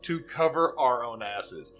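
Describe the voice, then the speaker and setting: A man co-hosts a casual podcast, trading quick jokes with his partner. His pitch swings freely and his tone is bright. Faint music runs low in the background. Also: expressive. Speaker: podcast co-host. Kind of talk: casual chat.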